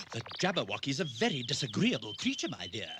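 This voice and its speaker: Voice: mid-range voice, huge pitch swings, fairly quick, fairly bright tone, slight background noise. An actor voicing a jittery, easily frightened creature in a cartoon dub, shrieking in alarm.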